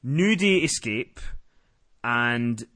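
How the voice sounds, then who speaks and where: A man hosting a casual wrestling podcast, running through the week's show in a quick, rambling way with fillers and casual swearing. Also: medium pitch, lively intonation, sharp tone. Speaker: podcast host.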